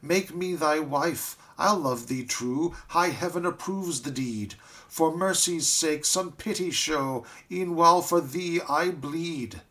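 A desperate, wronged young woman cries out in anguish, her voice lifted high and pleading, as a man reading a ballad puts her on. The lines come slowly and dramatically in a storybook reading. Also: pushed and bright. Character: ruined young woman, desperate and grief-stricken.

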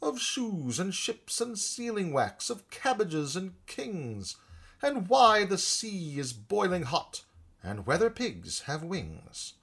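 A man's voice: high voice, wildly swooping pitch, takes it slowly, vocal fry, a bit bright, slightly rough, voice pushed up, full character voice. A man voicing a sly, sentimental walrus who talks grandly and coaxes sweetly in a storybook poem.

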